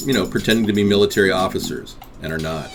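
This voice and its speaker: Lowish-voiced man rambling on a live stream. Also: fast, vocal fry, faint music behind. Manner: rambling, combative toward chat. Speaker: host of a live streamed talk show.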